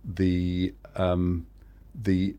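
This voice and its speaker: A man hosting an interview, encouraging and a bit halting, restarting his phrases often. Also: sits low, monotone, mellow. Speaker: podcast host. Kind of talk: conversational interview.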